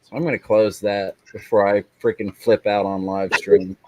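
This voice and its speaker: Man, live stream host, casual chat, fairly low voice, chatty, laughs a lot. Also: flat delivery, normal speed, noisy background. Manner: chatty, laughs often, apologetic asides.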